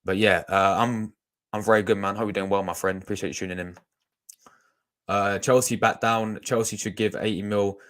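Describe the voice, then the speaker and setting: Deep voiced young guy, rambly casual stream chat, talks to his viewers. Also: steady tone, normal speed, a bit bright. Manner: rambling, chatty, talks to chat, restarts a lot. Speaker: fan channel host reacting on a live stream.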